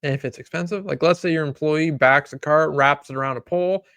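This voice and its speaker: A man's voice: fairly high pitch, brisk, fairly bright tone, dry recording. A man co-hosting a casual podcast about running a detailing business, telling rambling, sarcastic anecdotes. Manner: sarcastic, joking; rambling anecdotes full of acted quotes. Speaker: podcast co-host, auto detailing business owner.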